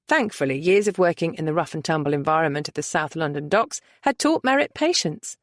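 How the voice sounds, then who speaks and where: A woman reading a romance novel aloud, her voice moving expressively up and down. She keeps a measured pace, and the recording is dry and close. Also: low-pitched, lively intonation, no echo. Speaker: audiobook narrator. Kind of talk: scripted romance narration.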